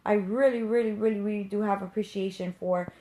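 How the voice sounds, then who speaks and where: A woman's voice: medium pitch, fairly even intonation, brisk, warm tone. A woman who works as a medium and teaches others, ranting to viewers in an unscripted live stream, passionate, blunt and emphatic, with casual swearing.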